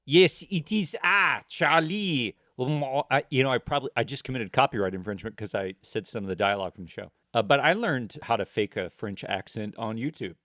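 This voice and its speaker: Playful man with a lively voice. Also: fairly low pitch, dry recording, studio quality. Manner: jokey, playful, quick to tease. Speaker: podcast co-host. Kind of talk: casual chat.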